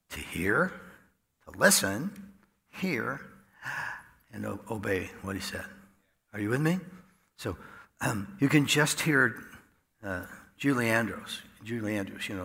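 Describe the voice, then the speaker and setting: A man preaching a sermon in a folksy storytelling way, dropping to a hush and then rising loud. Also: mid-range voice, vocal fry. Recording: echoey hall with long reverb.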